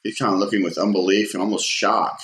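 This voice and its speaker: A man's voice: fairly low pitch, fairly even intonation, fast, fairly bright tone. A man casually telling a personal story, rambling with fillers and restarts and acting out quotes in a raised voice. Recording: roomy echo.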